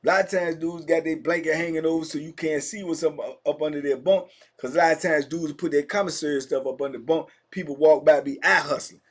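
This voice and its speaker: A middle-aged man spins a prison story in loose, slangy talk, calling out to his listeners as he goes. His voice sits noticeably high for a man. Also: fast talker. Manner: animated, slangy, addresses listeners directly. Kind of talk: casual storytelling.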